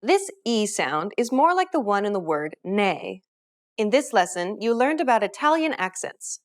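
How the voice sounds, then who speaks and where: A woman teaching a scripted pronunciation lesson, explaining clearly and upbeat, modeling example words. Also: mid-range voice, big pitch swings, moderate pace. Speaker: language teacher.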